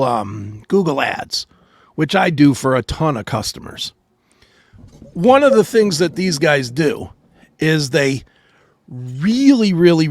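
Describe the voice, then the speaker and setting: A man with a higher, lively voice leads the chat on a talk podcast, swearing freely as he tells his stories. His voice has a gravelly edge. The recording is close and dry. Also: no room sound. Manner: profane, animated storytelling. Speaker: co-host.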